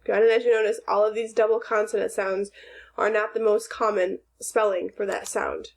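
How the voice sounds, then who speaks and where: Slow-spoken woman teaching children. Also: medium pitch, fairly even intonation. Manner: slow, clear teacher voice, praising and asking questions. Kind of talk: phonics and grammar lesson for young children.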